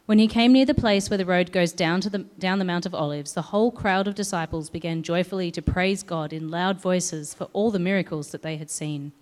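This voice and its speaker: A woman reading a scripture passage aloud in a measured, expressive way. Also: fairly low pitch. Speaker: scripture reader. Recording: long hall reverb.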